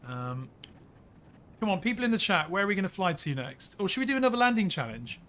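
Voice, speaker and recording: A man's voice: high voice, very animated, fast, fairly bright tone. An English man hosting a live flight simulator stream, upbeat and chatty, laughing often and coaxing viewers into the chat.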